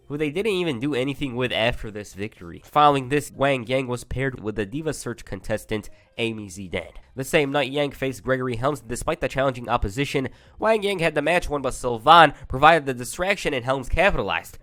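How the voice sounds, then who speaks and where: A man's voice: mid-range voice, fairly bright tone. A young man narrating a casual recap video, chatty and full of offhand asides. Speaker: YouTube wrestling history narrator.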